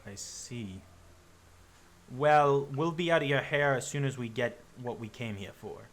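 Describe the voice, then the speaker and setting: A man's voice: medium pitch, a little slow, close to an everyday voice. A man doing a blunt, pushy cult leader. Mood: curt. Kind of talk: tabletop role-play in character.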